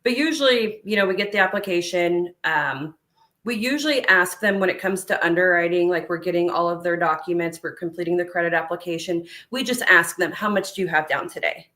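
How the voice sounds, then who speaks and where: A woman's voice: lowish voice, brisk, bright, forceful tone. A woman with a Midwestern American accent, a dealership manager, answering interview questions casually with many ums.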